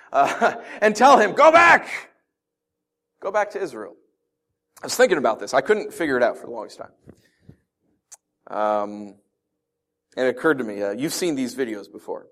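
A man preaching a conversational sermon, telling stories and asking his listeners rhetorical questions. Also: medium pitch. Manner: animated storytelling with rhetorical questions. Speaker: pastor.

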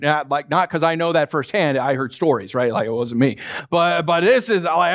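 A man giving a conversational sermon, telling the story in an animated way and putting questions to his listeners. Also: a little high, brisk. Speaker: preacher.

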